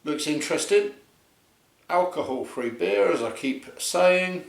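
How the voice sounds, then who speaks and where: Slow, chatty man in an echoey room. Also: a little high, animated. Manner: chatty, jokey, describing to camera. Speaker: beer reviewer, channel host. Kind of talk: casual review vlog.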